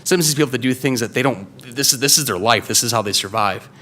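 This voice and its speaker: A man's voice: medium pitch, fast talker, bright, forceful tone. A man in his thirties from Wisconsin telling a true story at a live story slam, casual and loose, with lots of fillers and restarts. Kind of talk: live first-person storytelling. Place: live stage before an audience.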